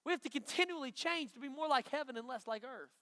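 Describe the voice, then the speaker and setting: A man preaching a lively youth sermon from a stage, emphatic and joking with the students. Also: very high voice, fast talker. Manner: energetic, emphatic, bantering with the audience. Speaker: youth pastor. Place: stage in a large hall before a student crowd. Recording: long hall reverb.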